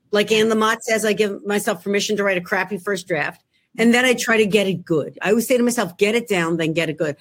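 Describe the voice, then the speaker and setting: A woman's voice: mid-range voice, a bit bright. A middle-aged woman with a Philadelphia accent, an author chatting over a laptop video call from her home work room in a jokey, self-mocking way. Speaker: author guest. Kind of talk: casual chat.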